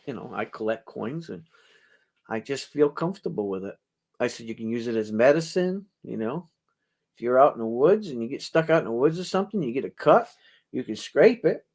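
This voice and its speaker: Casting note: middle-aged male auction host, rambling storyteller, chuckles often, higher voice that swings widely. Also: a little mellow. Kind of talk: casual storytelling to a live audience.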